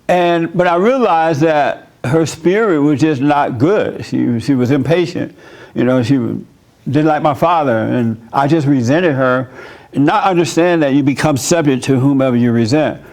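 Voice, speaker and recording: A man with a slightly higher voice preaches a loose, conversational sermon in church. He drifts into personal stories and laughs easily between his points. His tone is plainspoken and direct, as if he is talking with the congregation. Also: a little slow, darkish tone. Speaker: pastor.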